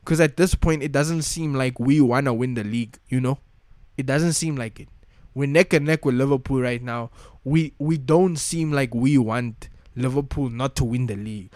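Young male fan vlogger, mid-pitch, frustrated slangy rant, dry close recording. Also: moderate pace, darkish tone, no echo. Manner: frustrated, slangy, repeats himself. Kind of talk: casual rant.

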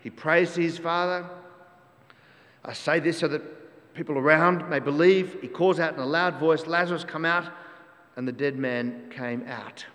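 A man's voice: on the high side, normal speed, a bit bright. A man preaching a sermon to a congregation, emphatic, repeating key phrases and asking rhetorical questions. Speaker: pastor. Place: church with long reverb. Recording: long church hall reverb.

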